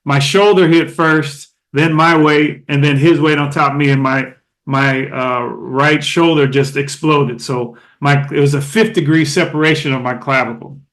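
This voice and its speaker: A middle-aged man from Oakland, a former ballplayer, telling stories as a podcast guest in a lively, casual way with many fillers and restarts. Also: fairly high pitch, normal speed, hardly any pauses. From Oakland, California. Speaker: guest, former baseball catcher. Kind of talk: casual storytelling interview.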